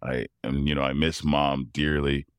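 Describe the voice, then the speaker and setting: This middle-aged man is a professional tuba player with a clean bass voice and a moderate pace, recorded with no room sound. In a casual interview he tells personal stories as an animated storyteller, acting out quoted voices and laughing often.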